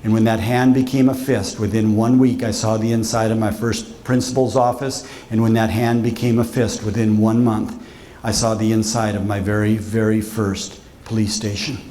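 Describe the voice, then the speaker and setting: A man's voice: fairly low pitch, level tone, moderate pace, dark tone, slight background noise. A man, a visiting author, telling stories to students in a school auditorium in a theatrical way and addressing them directly. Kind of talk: storytelling talk to a school assembly.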